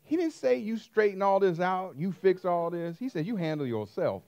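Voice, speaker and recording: A man preaching to his congregation in an animated, sing-song way, his pitch leaping around a fairly high voice. He drops to near-whispers, then slows down and hits single words loudly for emphasis. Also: creaky, lo-fi sound. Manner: emphatic preacher, swings from hushed to loud, slows for stress. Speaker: pastor. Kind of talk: sermon.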